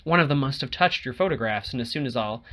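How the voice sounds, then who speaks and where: An anxious young man, earnest and a little halting, pleading to be believed, as a man reading the story plays him. The voice stays close to the narrator's own, with lively swings in pitch and a bright, forward tone, told as an audiobook. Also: natural voice.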